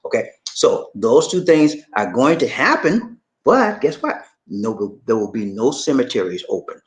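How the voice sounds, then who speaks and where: A man's voice: mid-range voice, sing-song, measured pace. A man from the USA chatting casually as a vlog host, laughing a lot and drawling out "man" as he talks. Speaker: vlogger host reading viewer comments. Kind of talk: casual chat. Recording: echoey room.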